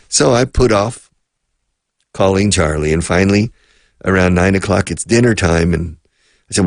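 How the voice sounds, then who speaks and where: A man's voice: deep voice, normal speed, creaky, pauses often, no echo. A man hosting a radio English lesson, explaining phrases through rambling anecdotes at a close mic. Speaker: radio host and English teacher.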